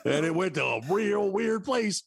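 A man's voice: high voice, animated, normal speed, gravelly, crowd noise. A male radio host in morning show banter, teasing and laughing in disbelief.

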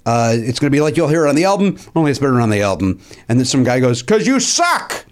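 A man hosting a podcast in casual chat, telling stories and acting out quotes with lots of laughter. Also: very fast. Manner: animated, acts out quotes with big pitch jumps and laughs. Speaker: podcast host.

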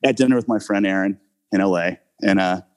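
Low-voiced man rambling through an anecdote. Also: brisk. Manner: rambling, many fillers, laughs often. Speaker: actor, guest telling his story. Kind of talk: casual anecdote in an interview.

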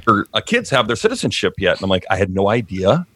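A man's voice: lowish voice, fast, breathy edge. A man chatting casually on a podcast, telling stories and acting out the people in them. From Canada. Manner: animated storyteller, acts out quotes. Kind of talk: casual chat.

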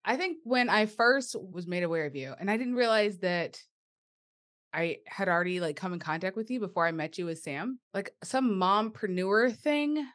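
Woman host, mid pitch, affirming, casual interview chat. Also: animated, normal speed, fairly bright tone.

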